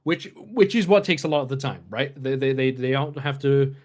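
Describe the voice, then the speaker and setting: A man's voice: mid-range voice, moderate pace. A man co-hosting a gaming podcast, walking through game strategy in casual chat with frequent restarts and fillers. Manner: explains at length, many filler restarts. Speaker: podcast co-host.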